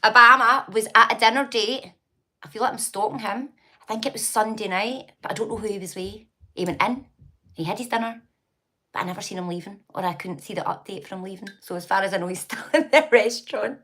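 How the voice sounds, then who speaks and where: This casual livestream features a Scottish woman reading comments, greeting viewers by name, gossiping, and laughing often. Her sharp, mid-range voice moves a little fast.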